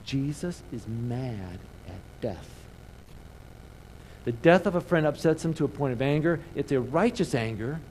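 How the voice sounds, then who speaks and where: A man preaching a sermon in church, animated, calling the congregation to answer back. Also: mid-range voice, unhurried, a little hiss or hum, poor audio. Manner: animated preaching with call-and-response. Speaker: pastor. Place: church sanctuary.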